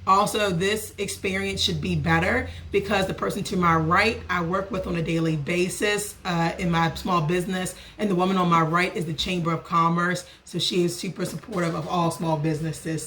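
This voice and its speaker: A woman, vlogging as a small business owner and telling a story in a casual, animated way. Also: moderate pace, few pauses, slight background noise. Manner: animated, acts out other people's lines with lively pitch jumps. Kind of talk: casual storytelling rant to camera.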